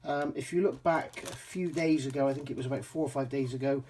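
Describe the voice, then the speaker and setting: A man's voice: mid-range voice, fairly even intonation, quick pace, a little mellow, slight background noise. A man from England casually reviewing a scale model kit, chatty with frequent ums and self-corrections.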